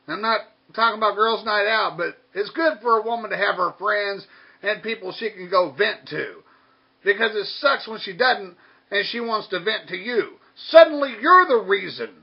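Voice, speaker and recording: A man's voice: sits high, slightly rough, muffled recording. A man delivering a blunt, heated, profanity-filled rant as a vlogger. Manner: blunt, crude, heated, swears constantly. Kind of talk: profane ranting monologue.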